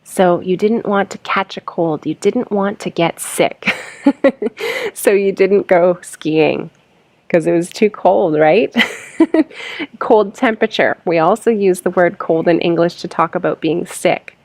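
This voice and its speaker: A woman teaching an English lesson, reading example sentences slowly for learners to repeat and then explaining them. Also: lowish voice, darkish tone, dry recording.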